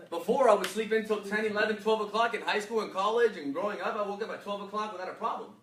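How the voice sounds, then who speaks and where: Bright energetic man leading a workshop. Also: high voice, fast. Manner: energetic, quizzes the audience with fill-in questions. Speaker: workshop speaker. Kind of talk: motivational workshop talk. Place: echoey workshop room. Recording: roomy echo, mic from far off, faint noise.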